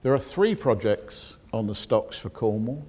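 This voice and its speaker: A geoscientist giving a public lecture, explaining technical details with dry asides to the audience. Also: male voice, on the low side, expressive, measured pace, darkish tone, husky.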